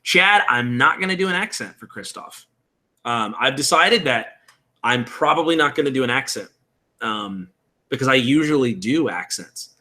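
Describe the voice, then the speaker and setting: A man's voice: medium pitch, animated, moderate pace, bright, forceful tone. A man in his thirties hosting a live-streamed tutorial, casually explaining tabletop game rules and answering chat.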